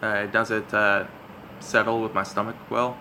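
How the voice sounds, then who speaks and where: A young man with a raspy, monotone voice, casually commenting and reading aloud as he plays a visual novel, rambling with many fillers. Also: lowish voice, normal speed, a little hiss or hum. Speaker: gamer playing through a visual novel.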